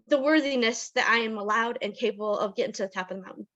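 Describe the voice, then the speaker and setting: Emotional woman in her forties, high and bright. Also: rapid-fire, few pauses. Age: 40s. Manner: nervous, emotional, laughs between phrases. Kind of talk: personal testimony on a video call. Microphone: video call.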